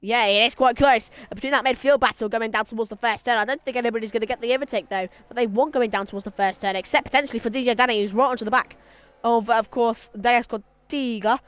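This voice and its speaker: A man's voice: extremely high pitch, fairly even intonation, quick pace, fairly bright tone, clean tone. A man commentating a sim racing league, teasing his co-host and calling the action. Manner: banter, bossy teasing of co-host. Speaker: race commentator.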